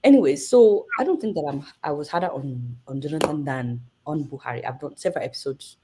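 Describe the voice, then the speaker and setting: A Nigerian woman journalist in her thirties, an interview guest telling a story with lively energy and acting out the voices in it. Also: low-pitched, a little fast, noisy background.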